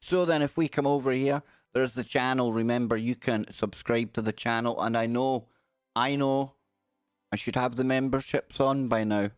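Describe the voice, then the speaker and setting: A man's voice: mid-range voice, steady tone, normal speed, clean tone, dry recording, studio quality. Rambling man hosting a live stream. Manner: rambling, friendly shout-outs to chat. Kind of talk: casual live stream chat.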